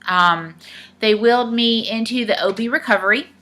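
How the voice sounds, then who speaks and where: Bright-voiced woman telling a story. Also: on the high side, moderate pace. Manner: chatty, retells dialogue with many "I said", "he's like". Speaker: vlogger. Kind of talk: casual storytelling to camera.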